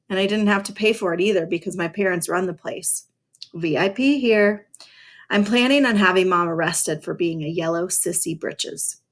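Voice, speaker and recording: A woman reading a first-person novel aloud in a dry, sarcastic voice, stopping now and then to talk to her listeners about it. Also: lowish voice. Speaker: reader.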